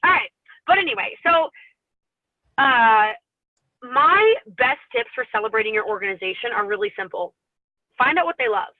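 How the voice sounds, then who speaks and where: A woman's voice: a little high, lively intonation, moderate pace, long pauses, no room sound. Chatty woman team leader, rambling motivational talk, teary and sniffly, tinny phone-like sound, very dry. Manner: chatty, rambling, laughs often. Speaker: network marketing team leader.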